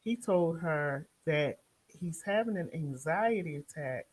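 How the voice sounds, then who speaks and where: Baltimore woman host, lowish husky voice, chatty animated recap from home. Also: slow pace, rough recording. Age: young adult or middle-aged, has a son. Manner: animated storytelling, talks back to the people in the show. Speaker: show host reviewing a reality series. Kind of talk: casual recap and commentary.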